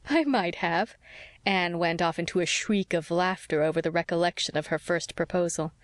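A woman reads a classic novel aloud in a measured storytelling manner. Her voice is low for a woman. The sound is dry and close, with no room around it. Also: flat delivery, no room sound. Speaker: audiobook narrator. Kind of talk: scripted narration.

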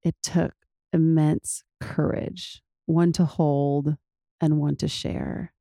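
Low-voiced woman speaking tenderly. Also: level tone, takes it slowly, mellow, dry recording, studio quality. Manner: heartfelt, tender. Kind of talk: casual reflective conversation.

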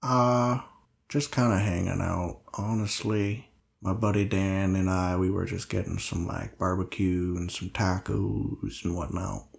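A man voicing a mopey, dopey character who talks low, slow and mumbling. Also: flat delivery, vocal fry.

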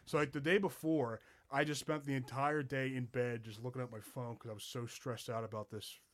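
A man's voice: mid-range voice, level tone, a little fast. A man, a comedian guest on a podcast, telling self-deprecating stories in a casual, rambling way.

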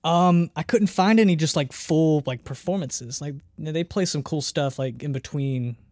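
A man's voice: a little high, moderate pace, a little mellow, no room sound, clean studio sound. A man co-hosting a casual podcast, laid-back and chiming in with trivia. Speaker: podcast co-host. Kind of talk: casual chat.

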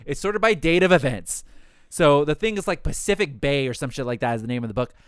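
A young man, co-hosting a podcast and telling animated, profane stories about his retail job, acting out the people in them. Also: fairly high pitch, fast talker, clear, resonant tone, dry recording, studio quality. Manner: animated, profane, acts out quoted dialogue. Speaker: podcast co-host. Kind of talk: casual chat, storytelling.

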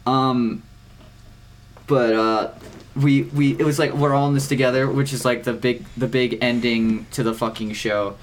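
A teenage boy co-hosting a podcast, rambling through his week in casual chat, swearing often and filling pauses with "um" and "like.". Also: mid-range voice, fairly even intonation, a little hiss or hum. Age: teens. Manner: rambling, swears a lot, many fillers. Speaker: podcast co-host.

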